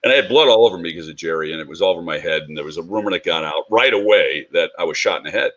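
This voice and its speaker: A middle-aged man with a somewhat low voice tells a personal story on a panel. He speaks as a police instructor and acts out the dialogue he quotes with some life. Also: racing, a bit bright, highs cut off.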